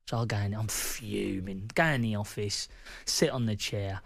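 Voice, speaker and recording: A man, a former footballer telling stories in a relaxed podcast chat, slangy and often laughing. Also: fairly low pitch, normal speed, vocal fry, no echo. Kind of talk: casual podcast storytelling.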